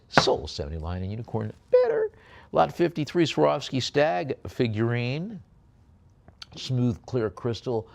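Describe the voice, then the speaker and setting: A man working as an auctioneer, calling bids in a quick rhythmic patter and slipping into relaxed, joking asides about each lot. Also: fairly low pitch, creaky. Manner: rapid bid calls mixed with chatty asides and quips.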